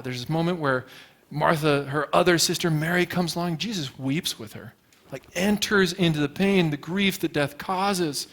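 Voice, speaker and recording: A male pastor gives a relaxed, conversational sermon in a church, speaking in a voice pitched a little above the usual. He tells stories and keeps asking the room questions in a loose, informal way. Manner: informal and storytelling, with fillers and rhetorical questions. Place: church sanctuary before a congregation.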